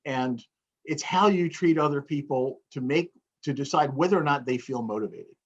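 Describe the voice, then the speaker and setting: A man's voice: medium pitch, normal speed, highs cut off, slight background noise. A man who is a motivational speaker, chatting in an interview and acting out tones of voice to explain a point. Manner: demonstrates tone by acting out phrases. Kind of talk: casual interview chat.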